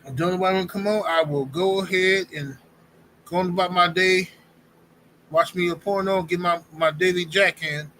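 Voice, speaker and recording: Bright, high-voiced slangy man. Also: fairly even intonation, moderate pace, a little hiss or hum, rough recording. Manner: slangy, blunt, opinionated. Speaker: livestream host. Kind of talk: casual livestream commentary.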